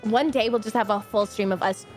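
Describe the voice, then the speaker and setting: A woman's voice: mid-range voice, a little fast, a little mellow, faint music behind. A woman streamer in casual chat, bubbly and theatrical, often giggling.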